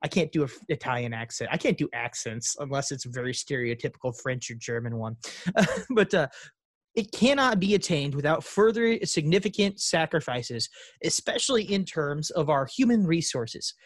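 A man's voice: a little high, expressive, moderate pace, no room sound. Giggly podcast guy, rambly, reads quotes out, dry close mic. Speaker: podcast co-host. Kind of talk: casual chat.

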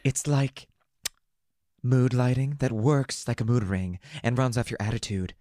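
A man doing a giddy, breathy club kid. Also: mid-range voice, unhurried, mellow, dry recording, natural voice. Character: excitable eccentric male club kid.

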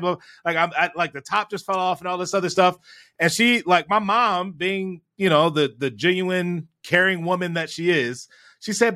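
A man telling a childhood story in a podcast chat, animated and often tagging his sentences with "right?". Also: high-pitched, moderate pace. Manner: animated storyteller, frequent "right?" tag questions. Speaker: guest.

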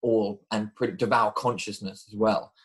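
Low-voiced, measured male podcast host. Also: flat delivery, low-quality recording. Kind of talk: casual intellectual conversation.

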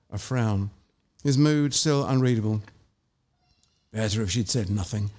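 A man reads his short story at an even, middle pitch. He then talks about his writing in a measured, anecdotal way, with small restarts. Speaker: author and interview guest. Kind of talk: story reading and casual interview.

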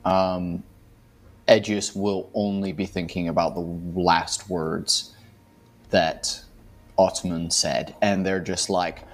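A man's voice: low voice, flat delivery, takes it slowly. A man playing a tabletop game, describing his character's actions in a rambling way full of fillers. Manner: rambling, lots of "like" and "um". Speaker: player.

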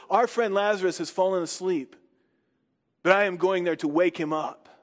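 A man preaching a sermon and reading scripture, with slow dramatic pauses and emphatic questions. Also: sits high, in a large hall. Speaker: pastor.

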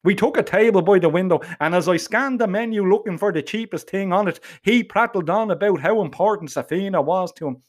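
A middle-aged man telling a comic story in a gruff, sweary, blunt way. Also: high voice, fairly quick, hardly any pauses.

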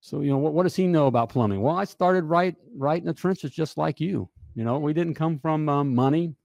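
A man coaching plumbers in a casual, joking sales pitch, often checking in with "all right?". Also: a little fast, creaky, darkish tone, dry recording. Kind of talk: casual promotional pitch to camera.

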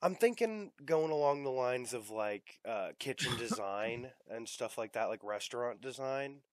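A man's voice: mid-range voice, animated, measured pace, no room sound. A young man hosting a casual podcast chat, rambling with fillers and the odd swear word. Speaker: podcast host.

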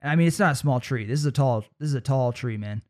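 A man's voice: mid-range voice, fast talker, a little mellow. A young man hosting a motivational podcast, telling stories in a casual way, laughing often and acting out what his family said. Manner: acts out quoted voices of family. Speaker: podcast host.

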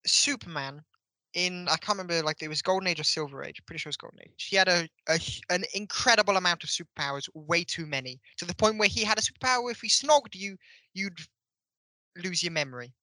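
Podcast co-host, male, very bright sharp tone, exasperated ranting delivery. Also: high-pitched, fast, no room sound, poor audio. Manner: exasperated, ranting, laughs often. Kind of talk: casual review chat.

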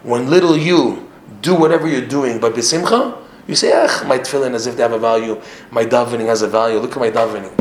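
A man teaching a religious class to his regular students, animated, firing off rhetorical questions and often repeating himself. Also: mid-range voice, fast talker, noisy background. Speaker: Torah teacher. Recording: echoey room, faint ambience.

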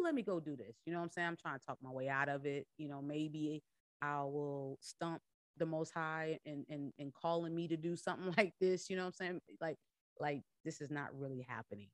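A woman's voice: sits low, no room sound. A woman podcast host and coach giving a casual Bible teaching talk, conversational and laughing often as she acts out voices in her retelling.

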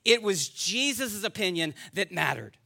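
A man's voice: high-pitched, very animated, moderate pace, creaky, sharp tone. A man preaching a sermon as pastor, earnest and rising to emphatic peaks, at times addressing the children directly.

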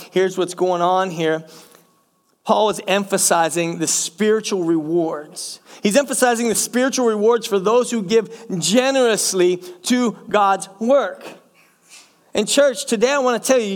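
A middle-aged male pastor delivers a sermon in a high-pitched voice at a moderate pace. He addresses the congregation directly as "church" and repeats phrases for emphasis.

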